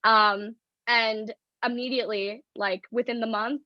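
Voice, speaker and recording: A woman's voice: fairly high pitch, steady tone, measured pace, dry recording, dull audio. A woman in her twenties from the northeastern US, a podcast guest telling a personal story frankly, with lots of "like" fillers. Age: 20s. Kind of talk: candid storytelling in a podcast interview.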